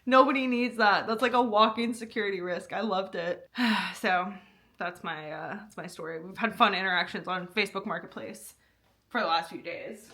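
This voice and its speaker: A woman's voice: medium pitch, moderate pace, sharp tone. A woman vlogger chatting casually, rambling with lots of fillers and frequent laughs. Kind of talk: casual chat.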